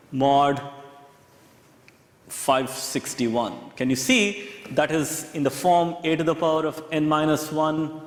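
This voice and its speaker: A man giving a university lecture, halting and repeating himself, often checking that the class follows. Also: fairly high pitch. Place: large lecture hall. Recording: echoey lecture hall recording.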